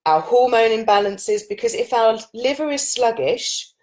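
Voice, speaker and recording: A woman in her late thirties, a yoga and oils teacher, chatting informally to camera with a husky voice and loose, run-on explanations. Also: fairly high pitch, animated, moderate pace, darkish tone. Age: 30s. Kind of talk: casual chat to camera.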